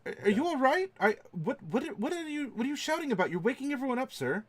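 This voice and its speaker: A man voicing a grumpy male night watchman at the stables, scolding and then calming. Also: very high voice, fast talker, slightly rough, voice pushed up, exaggerated voice. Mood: irritated.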